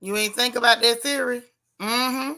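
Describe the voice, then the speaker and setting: A bright, forceful woman talks straight into her webcam on a casual livestream. She is blunt and sassy, and she reads viewer comments aloud as she goes. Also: a little high, fairly even intonation, moderate pace. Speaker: livestream host. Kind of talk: casual live chat reacting to a TV show.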